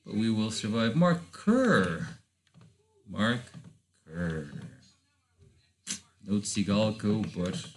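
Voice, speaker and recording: A man from Lisbon, a native Portuguese speaker, giving casual let's-play commentary in English, thinking aloud with rambling asides and bursts of excitement. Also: on the low side. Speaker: gaming channel host.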